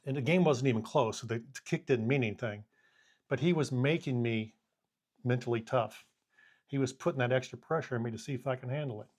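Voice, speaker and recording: A man in his fifties, a former college punter who now coaches kickers, casually telling anecdotes and acting out the scenes. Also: medium pitch. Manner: animated storyteller who acts out the scene with quoted lines.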